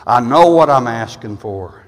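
A male pastor preaching a sermon, emphatic, swinging from loud bursts to low asides and repeating phrases as he builds. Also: animated, a little slow. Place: church sanctuary. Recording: long reverb of a church hall.

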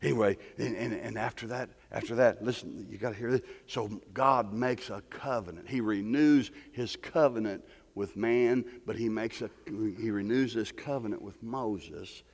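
A man preaching a sermon, impassioned, building to near-shouting peaks, with many repeated words. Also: on the low side, moderate pace. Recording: long hall reverb.

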